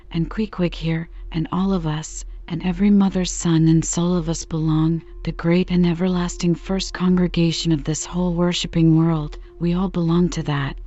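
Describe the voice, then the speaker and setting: Young male sailor, earnest , read by a woman; low, mellow tone. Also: muffled recording, close to an everyday voice.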